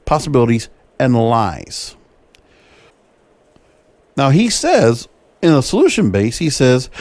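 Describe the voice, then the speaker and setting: A man's voice: mid-range voice, a little mellow, no room sound. A man hosting a solo podcast, reading quotes from an article aloud and then giving his own opinions on them. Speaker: podcast host.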